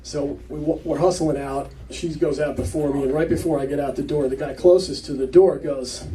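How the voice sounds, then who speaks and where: A man's voice: on the high side, fairly even intonation, moderate pace, mellow, slight background noise. A man doing a rambling stand-up story set in a small comedy club, chatty and full of fillers, picked up from a distance with the crowd laughing. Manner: conversational, rambling with fillers, acts out quotes.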